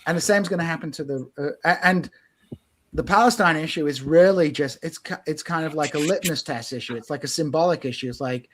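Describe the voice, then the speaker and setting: Man, podcast host, fairly high-pitched, opinionated, animated casual political talk. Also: fairly quick, slight background noise.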